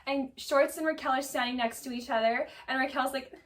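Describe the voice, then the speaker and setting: High-voiced gossipy woman recapping. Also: steady tone, a little fast, fairly bright tone, recorded from a distance. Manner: gossipy, many "like"s, acts out quotes. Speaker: recap vlogger. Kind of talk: casual reality TV recap.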